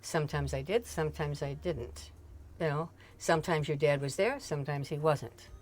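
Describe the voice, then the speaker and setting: A woman's voice: low-pitched, moderate pace, a little hiss or hum. An older woman, a mother, telling family stories in a chatty, rambling way with frequent laughs and asides. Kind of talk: casual storytelling chat.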